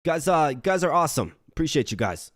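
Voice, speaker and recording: A man from Minnesota streaming a game, chatting with his viewers and thinking his moves through out loud. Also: fairly quick, no echo, clean studio sound, soft background music. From Minnesota, United States. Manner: animated when greeting chat, low and muttering while planning moves. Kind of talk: live-streamed game commentary.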